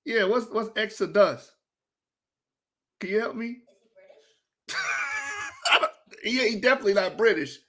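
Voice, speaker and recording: A man's voice: high-pitched, huge pitch swings, a little slow, pauses often, sharp tone, slight background noise. A man hosting a reaction video, talking casually in an exasperated, ranting way and breaking into laughter.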